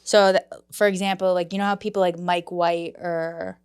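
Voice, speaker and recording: A woman's voice: on the low side, little pitch movement, moderate pace, clean tone, no room sound, clean studio sound. Brash, throaty woman podcast host. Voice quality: throaty, frog in the voice. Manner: brash, joking, swears freely. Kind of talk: casual podcast banter.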